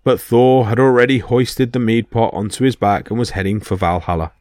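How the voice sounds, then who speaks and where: A man narrating mythology stories as a podcast storyteller, in a steady dramatic reading. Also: mid-range voice, a little fast, dry recording, studio quality.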